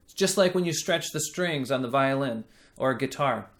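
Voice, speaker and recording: Patient and thoughtful, a man teaches singing in an expressive, medium-pitched voice with a bit of brightness. He speaks slowly while explaining vocal technique and modeling sung vowels.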